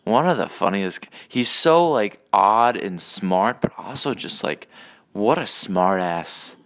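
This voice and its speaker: A man's voice: fairly low pitch, expressive, slow, fairly bright tone. A man hosting his own podcast, ranting alone in a profane, rambling, sarcastic way, full of restarts and asides. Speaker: podcast host. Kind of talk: solo ranting monologue.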